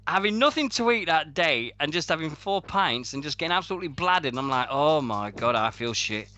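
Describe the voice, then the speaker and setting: Animated man telling stories. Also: on the high side, fairly quick, highs cut off. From Sheffield, England. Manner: animated storytelling with heavy swearing and laughter. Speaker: radio show host. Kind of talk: casual chat.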